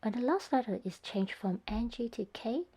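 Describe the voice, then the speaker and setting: A woman's voice: a little high, lively intonation, normal speed, warm tone, husky. A woman narrating a scripted language lesson, speaking carefully and demonstrating tones one by one. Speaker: Cantonese teacher.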